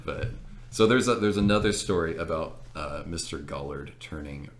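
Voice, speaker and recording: Deep-voiced young man telling stories. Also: a little slow. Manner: animated, laughing, with many fillers. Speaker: storyteller. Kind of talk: casual storytelling chat. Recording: echoey room.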